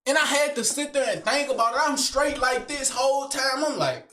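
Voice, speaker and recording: A young man rambles through a joking solo monologue, full of street slang. His talk is animated and loose, and it swings between hype and mumbling asides. His voice sits high for a man. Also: normal speed, few pauses. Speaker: vlogger. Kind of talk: casual comedic monologue.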